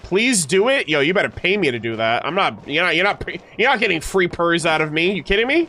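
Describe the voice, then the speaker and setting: A man streaming a game, reacting and joking excitedly with his chat as he plays. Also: on the high side, quick pace. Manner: excitable, jokey, talks to chat. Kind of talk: casual gameplay reaction commentary. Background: faint game music.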